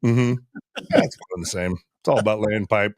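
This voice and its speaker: A man's voice: on the low side, brisk, no echo, studio quality. A man who works in radio, trading jokes in casual chat and laughing a lot. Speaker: radio host.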